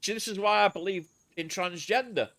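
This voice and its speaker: A man's voice: high-pitched, fairly quick, fairly bright tone. A man, streaming a game and rambling crudely in casual chat.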